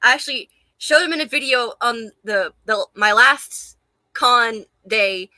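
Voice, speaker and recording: Casting note: young Southern woman with a light Charleston accent, high, dry close voice, rambling, swearing and laughing, a little out of breath. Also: a little slow, sharp tone, no room sound. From Charleston, South Carolina. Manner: profane, laughing often, rambling and emphatic. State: hot and a bit out of breath. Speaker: vlogger. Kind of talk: casual rant to camera.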